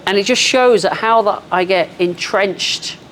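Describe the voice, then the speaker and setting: A woman, telling a self-deprecating story in a measured, wry way on a live podcast. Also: mid-range voice, a bit bright, a little hiss or hum. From England. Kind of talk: casual storytelling.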